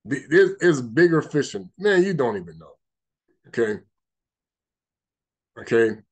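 A man's voice: mid-range voice, big pitch swings, a little slow, husky. A man giving an informal spiritual teaching, emphatic and rambling, repeating himself and reading scripture aloud. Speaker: religious teacher.

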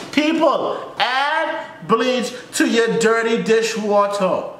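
Jamaican male reaction host, ranty and exclamatory, pitch all over the place, echoey room. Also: lively intonation, slow, few pauses, fairly bright tone, slight background noise. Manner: ranting, exclamatory, jumps in pitch. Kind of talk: animated reaction commentary.

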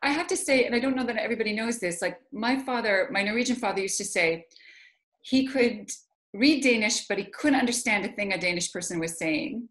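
A woman's voice: a little high, brisk, a bit bright. Canadian woman chatting on a call. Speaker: author and interviewer. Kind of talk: casual video call chat. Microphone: video call.

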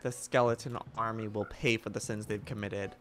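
Woman playing a dramatic pirate captain, deep-voiced. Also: fairly even intonation, moderate pace, fairly bright tone, faint music behind. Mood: vengeful. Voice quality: growly pirate bravado, dramatic declarations. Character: lost, vengeful pirate captain, theatrical. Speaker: player in a roleplay series. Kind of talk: in-character roleplay.

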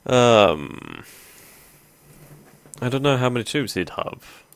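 A man's voice: medium pitch, very animated, slow pace, gravelly, no room sound. A man hosting a strategy game let's play, thinking aloud casually with many ums. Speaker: gaming video host.

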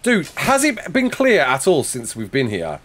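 A young Englishman chats casually while streaming a game live, reading viewer comments aloud and answering them into a desk mic with a face cam. His voice runs high and a bit bright, with huge swings in pitch and a measured pace. A little hiss or hum is audible.

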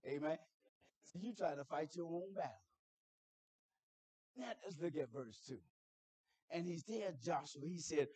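A middle-aged man preaching in a church as a guest chaplain, telling stories conversationally, asking the congregation questions, and building up to shouted preaching. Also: high-pitched, a little slow, dry recording. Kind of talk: sermon.

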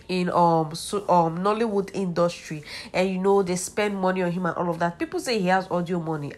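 Young Nigerian woman, gossip vlog host, chatty and exclamatory, mid-pitched. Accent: Nigerian English. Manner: chatty, exclamatory, addresses viewers as "my dear". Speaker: celebrity gossip vlogger.

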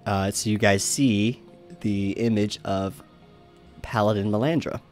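Low-voiced rambling game master. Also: male voice, fairly even intonation, a little slow, a little mellow, soft background music. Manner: rambling narration with many fillers and restarts, laughing. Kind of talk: narrating a tabletop game.

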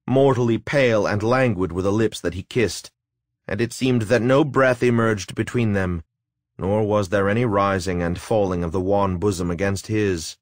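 Brief: male audiobook narrator, low, measured and solemn, dry close sound. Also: no echo. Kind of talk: scripted narration.

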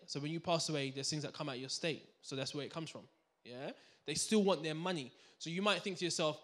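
A man giving a live finance seminar to a room audience, energetic and full of banter, quizzing the crowd. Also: on the high side, quick pace. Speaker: seminar speaker.

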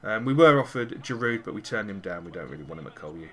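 A man's voice: lowish voice, quick pace. A man, host of a gaming channel, commentating live on a football video game and cheering and swearing at his players. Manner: excitable, cursing and cheering at the game.

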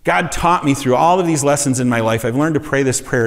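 A man's voice: mid-range voice, fairly quick, gravelly, few pauses, in a large hall. A man preaching a conversational sermon, often asking his congregation questions. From USA. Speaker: pastor. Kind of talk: sermon teaching. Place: church sanctuary.

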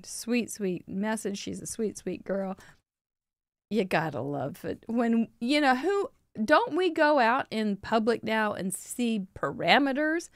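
Opening mail sent by viewers, a woman hosting a live crafting show chats in a slightly high voice with no echo. She's warm-hearted and talkative, laughing a lot and yawning from a long day.

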